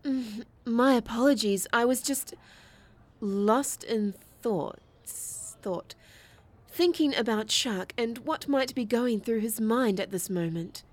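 A woman's voice: a little high, takes it slowly. A woman voicing an alien posing as a human student, who speaks in a stiffly formal, old-fashioned way. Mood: earnest. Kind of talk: audio drama acting.

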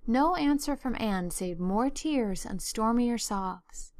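A woman's voice: fairly high pitch, lively intonation, slow pace, few pauses, a little mellow, no room sound. Woman narrating a classic novel, dry sound. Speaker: audiobook narrator.

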